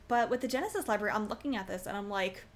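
A woman's voice: mid-range voice, rapid-fire, a little hiss or hum. A woman co-hosting a gaming podcast, chatting casually and asking lots of curious questions. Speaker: podcast co-host.

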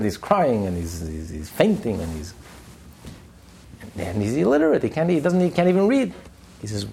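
A man lecturing a study class, animated and emphatic, repeating phrases for stress. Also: medium pitch, moderate pace, creaky, long pauses, husky. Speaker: Torah class teacher.

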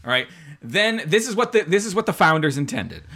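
Male co-host, mock-serious satirical rants, bright forward tone. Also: sits high, big pitch swings, a little fast, slightly rough. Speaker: podcast co-host. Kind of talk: casual comedic chat.

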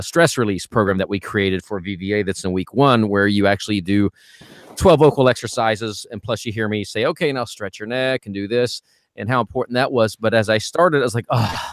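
A man's voice: on the low side, fairly quick, dry recording. A middle-aged man, a vocal coach co-hosting a podcast, telling stories in a rambling, casual way and often stumbling over repeated words. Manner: rambling storyteller, repeats words when starting sentences.

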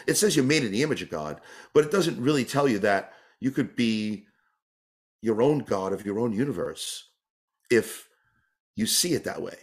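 A man's voice: on the low side, expressive, moderate pace. A man from New York, a tap dancer and entertainer, giving a long, earnest, rambling answer in an interview, often restarting his sentences. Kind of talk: reflective casual interview answer.

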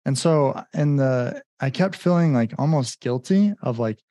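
A male business coach appears as a guest from his home in Mexico, telling his story in a rambling, casual way full of fillers and acted-out quotes. His mid-range voice is mellow and animated, a little slow, with no room sound.

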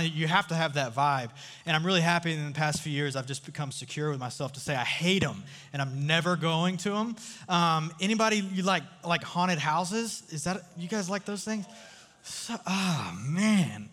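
A man's voice: on the high side, fairly bright tone. A man giving a casual, storytelling sermon to a live crowd, chatty and joking, often asking the audience questions. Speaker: youth speaker. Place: large room with a live audience. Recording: long hall reverb.

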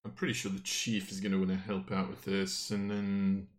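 A man's voice: low voice, completely flat delivery, normal speed. A man running a tabletop game as game master, talking in a casual, rambling, crude way.

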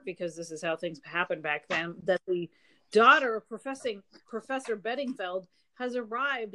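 A woman's voice: medium pitch, moderate pace, bright, forceful tone. A woman co-hosting a podcast, casually retelling a story's plot with chatty asides. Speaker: podcast co-host. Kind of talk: casual book chat.

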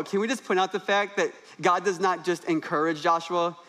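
Young male pastor, high-pitched, energetic, humorous preacher on stage. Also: normal speed, few pauses. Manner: animated, humorous preaching with rising emphasis. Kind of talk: sermon. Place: church stage.

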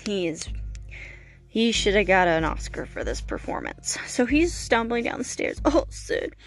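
A woman hosting a podcast, telling a casual, animated movie recap full of fillers and the odd swear word. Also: mid-range voice, moderate pace, soft background music. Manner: chatty, animated storytelling with many fillers and swearing. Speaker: podcast host.

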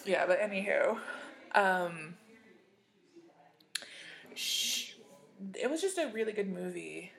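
Gravelly-voiced woman podcast host. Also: medium pitch, very animated, takes it slowly, long pauses. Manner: rambling, chatty, with fillers and soft asides. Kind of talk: casual chat.

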